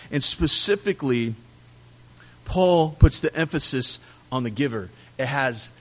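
A man preaching a sermon, animated, swinging between loud emphasis and quiet drops on key words. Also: mid-range voice. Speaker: pastor.

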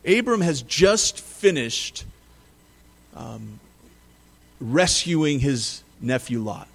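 A man's voice: mid-range voice, big pitch swings, drawn-out words, creaky, husky. A man preaching a sermon, reading scripture and retelling it in a conversational, emphatic way. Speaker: pastor.

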